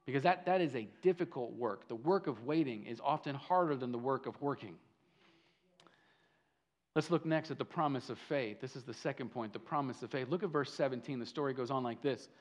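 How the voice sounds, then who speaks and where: A man's voice: mid-range voice, brisk. A man preaching a sermon as a pastor, telling the story with animation and acting out the figures' lines, often repeating words and restarting sentences.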